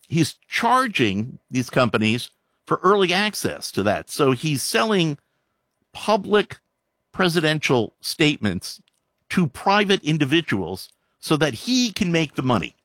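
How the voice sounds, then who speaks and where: A man's voice: fairly high pitch, a bit bright, no echo. A man reading news items aloud and breaking off into sarcastic, exasperated commentary with frequent sighs.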